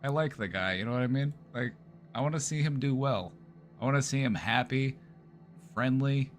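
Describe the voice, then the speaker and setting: A man's voice: mid-range voice, normal speed, soft background music. A therapist chatting casually on a livestream, playful and easygoing, often repeating his phrases and laughing. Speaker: therapist streamer.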